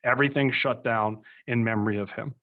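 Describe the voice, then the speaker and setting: A man's voice: medium pitch, steady tone, a little fast. A young man, a podcast guest, rambling through casual stories with lots of fillers and asides. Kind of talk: casual conversation. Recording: slightly muffled recording.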